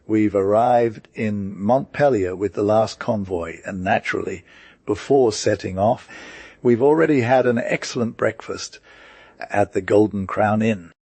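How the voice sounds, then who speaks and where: A man doing a puffed-up gentleman in a stage play, low voice, grand flowery words, dry sound. His speech is lordly and long-winded. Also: slightly rough, dry recording, full character voice. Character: pompous hungry gentleman traveller.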